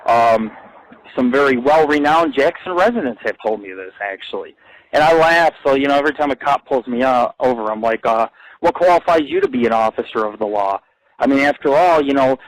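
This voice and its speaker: A young adult man hosting an internet radio show, telling profane, rambling stories and ranting with loud outbursts. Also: fairly quick, poor audio. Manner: crude, ranting, swings between low mutter and loud outburst. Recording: dry close-mic internet radio.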